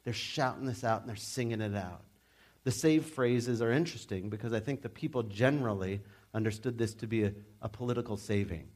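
A young adult man preaching a sermon as pastor, in a casual, animated way with frequent restarts. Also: fairly low pitch, brisk.

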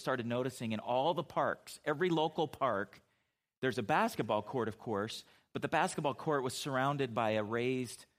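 A middle-aged man preaching a sermon as a pastor, telling stories in an easy, conversational way, with frequent restarts and asides. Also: mid-range voice.

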